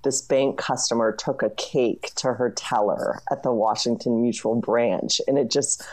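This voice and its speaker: A woman journalist and author answering interview questions in a brisk, explanatory way. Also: a bass voice, steady tone, darkish tone. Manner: brisk, explanatory, frequent "you know" and "I mean".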